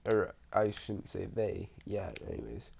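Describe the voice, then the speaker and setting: A man's voice: lowish voice, very animated, unhurried, creaky, a little mellow, breathy edge. Rambling, profane young man telling a story. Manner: rambling, profane, with many restarts and fillers. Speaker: storytime vlogger. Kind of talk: casual storytelling over gameplay.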